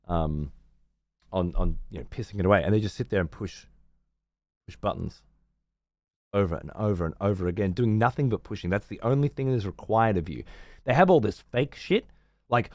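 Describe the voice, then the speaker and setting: A man's voice: lowish voice, moderate pace, long pauses, a little mellow, dry recording, studio quality. Swearing Australian man ranting. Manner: profane, rambling, sarcastic. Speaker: livestreamer. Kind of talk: casual livestream rant.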